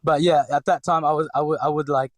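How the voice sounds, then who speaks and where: Fast and level in tone, this fairly high male voice belongs to a forty-something man from the Philippines with a mild Filipino accent, recorded with no room sound. He appears as a podcast guest, speaking hesitantly with frequent fillers and restarts.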